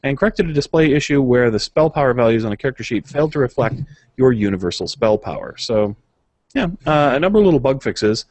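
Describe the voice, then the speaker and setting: A man's voice: mid-range voice, animated, fast, darkish tone. A man co-hosting a gaming podcast, reading patch notes aloud and chatting casually, with frequent filler uhs and small chuckles. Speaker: podcast co-host.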